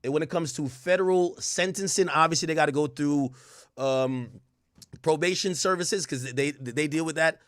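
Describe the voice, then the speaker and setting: A man's voice: fairly high pitch, moderate pace, no room sound, clean studio sound. A man hosting a livestream, giving profane, joking commentary and laughing often. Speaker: livestream host. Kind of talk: comedic legal commentary stream.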